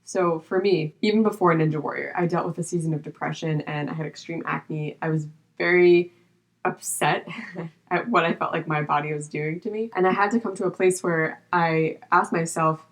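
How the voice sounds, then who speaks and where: A young adult woman with a low speaking voice shares a personal story as a podcast guest. She talks in an earnest, open, unguarded way and keeps reaching for "like" between her thoughts. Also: fairly even intonation, brisk. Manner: earnest and open, with frequent "like" fillers.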